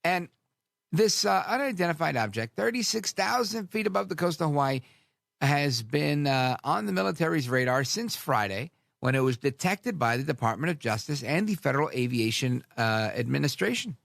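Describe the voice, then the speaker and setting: A man's voice: on the high side, moderate pace, gravelly, no echo, studio quality. A man hosting a talk radio show, delivering a sarcastic, rambling monologue full of asides. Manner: sarcastic, animated, drifts into asides.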